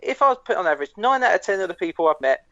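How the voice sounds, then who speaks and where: A man's voice: high-pitched, very animated, very fast, gravelly, sharp tone, no room sound. A man co-hosting a podcast, talking bluntly and frankly and swearing. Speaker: podcast co-host. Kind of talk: casual podcast chat. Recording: dry, dull lo-fi sound.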